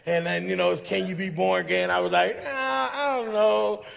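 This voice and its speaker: Man, comedian, bright forceful voice, laughing rowdy storytelling, long ballroom reverb. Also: sits high, fairly even intonation, normal speed, vocal fry. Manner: rowdy, laughing through punchlines, shouting quoted lines. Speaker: comedian guest. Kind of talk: comic storytelling on a live talk show. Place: ballroom stage before a live audience.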